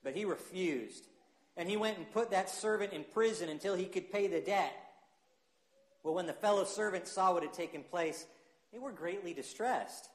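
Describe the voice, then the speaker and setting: High-voiced pastor in an echoey church. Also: male voice. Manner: unhurried, earnest, hesitant fillers, drops softer in prayer. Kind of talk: sermon with scripture reading and prayer. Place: church sanctuary.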